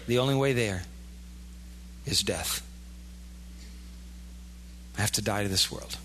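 A man's voice: lowish voice, takes it slowly, fairly bright tone, a little hiss or hum. A man preaching a sermon in a casual, conversational way, often acting out the imagined inner voices of his listeners. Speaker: pastor. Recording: long hall reverb.

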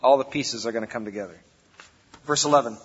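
A man's voice: mid-range voice, fast, slightly rough. A man preaching a sermon as pastor, in a conversational, folksy way, recorded in a church hall. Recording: reverberant hall, dull lo-fi sound.

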